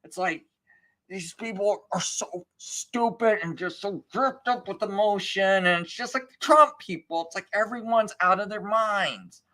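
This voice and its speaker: A man hosting a livestream, telling a story in a casual, animated and rambling way with many fillers. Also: high-pitched, measured pace. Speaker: livestream host.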